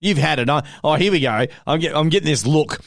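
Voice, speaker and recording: A man's voice: a little high, expressive, fast, vocal fry, dry recording, studio quality. A man, co-hosting a podcast with playful, teasing banter. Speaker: podcast co-host. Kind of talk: casual chat.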